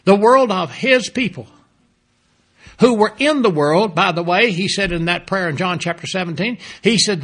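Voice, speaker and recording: A man preaching a sermon, emphatic, repeating key phrases and dropping low and soft toward the close. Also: normal speed.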